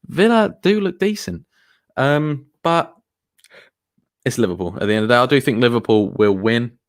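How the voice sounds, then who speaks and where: A man hosting a casual football live stream, rambling from one thought to the next as he answers viewers. His voice sits at an ordinary middle pitch and sounds dry and close, with no room echo. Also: normal speed, clear, resonant tone. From England. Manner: rambling, chatty, reads out viewer comments.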